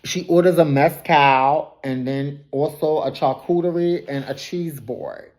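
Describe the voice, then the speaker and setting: Her voice is low and darkish, and she moves at a measured pace. She gives a casual, gossipy recap of a reality TV episode, laughing a lot and throwing shade. Her phrasing is loose and colloquial, and she keeps correcting herself.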